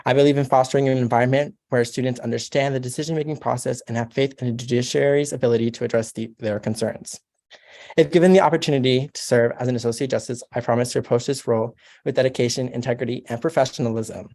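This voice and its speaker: A man's voice: medium pitch, fairly even intonation, darkish tone. A young man, a college sophomore, giving a prepared, earnest speech as a candidate for a student court seat. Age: young adult. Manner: formal, measured and earnest.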